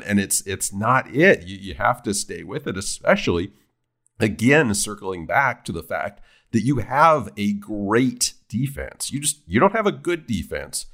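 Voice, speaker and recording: A man's voice: lowish voice, fairly bright tone. A man co-hosting a casual sports talk show, rambling and restarting his sentences as he talks. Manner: rambling, many restarts and repeated words. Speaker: sports podcast co-host.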